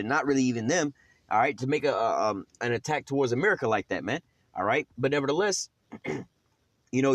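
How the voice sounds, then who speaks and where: A man teaching scripture at a quick clip, loose and streetwise, heavy with slang and cursing. He trails off in fillers and restarts. The sound is dry and close. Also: mid-range voice, dry recording. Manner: streetwise, profane, rambling with many fillers.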